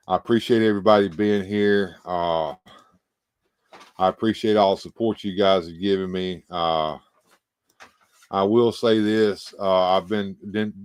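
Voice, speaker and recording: A low-voiced man hosts a casual livestream, sounding tired and a little out of breath. He rambles in halting bursts, stopping and restarting often. The sound is dry, with no room echo. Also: clear, resonant tone. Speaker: livestream host. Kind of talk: casual livestream chat, reading viewer comments.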